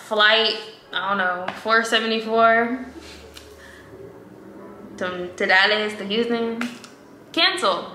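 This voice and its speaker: A young woman telling a chatty, animated storytime vlog about being stuck at an airport. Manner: animated, chatty, rising to high emotional peaks. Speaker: vlogger. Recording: echoey room with faint background noise.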